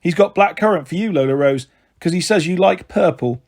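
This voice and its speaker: A man voicing a young male art student with a gentle, easygoing manner. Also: high-pitched, fairly quick.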